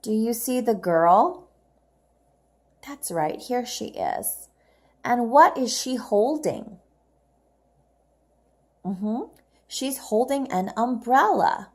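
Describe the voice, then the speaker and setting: A woman's voice: on the high side, lively intonation, takes it slowly, pauses often. A woman teaching children English phonics, patiently asking questions and praising their answers.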